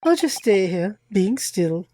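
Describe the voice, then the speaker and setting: A woman voicing an eccentric, grand male gentleman detective who speaks in a formal, theatrical way. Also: medium pitch, sing-song, slow, slight background noise. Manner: theatrical, formal, self-pitying.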